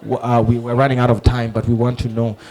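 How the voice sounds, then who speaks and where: A man with a Ugandan English accent playing a stiff, formal male TV news reporter in a deep, quiet voice. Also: completely flat delivery, quick pace, natural voice.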